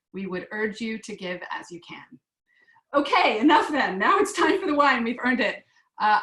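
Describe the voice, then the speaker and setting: A woman's voice: mid-range voice, sharp tone. An American woman hosting an online class interview, chatty and friendly with lots of fillers, on a video call. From United States. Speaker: host. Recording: echoey room.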